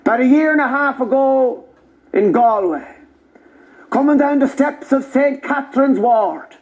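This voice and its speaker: An Irish man doing stand-up, telling a story in a wry, deadpan way with slow punchlines. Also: very high-pitched. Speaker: stand-up comedian. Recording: dull live audience recording. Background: audience laughter.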